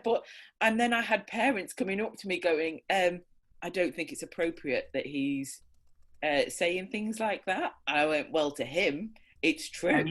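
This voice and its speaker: A woman's voice: on the low side, lively intonation, measured pace, a bit bright. A woman, a bereaved parent, telling candid stories over a video call, laughing often as she talks. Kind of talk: candid conversational storytelling.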